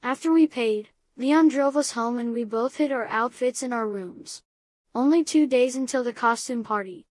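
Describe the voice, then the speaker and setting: A woman reads a first-person story aloud at a steady, even pace. Her voice sits a little high, and it is recorded close up with no room sound at all. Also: moderate pace, no echo. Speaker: audiobook reader.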